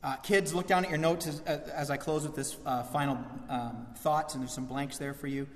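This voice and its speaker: Man, pastor preaching a sermon, fairly high voice, long church reverb. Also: normal speed. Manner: animated, acts out quoted voices. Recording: echoey church hall.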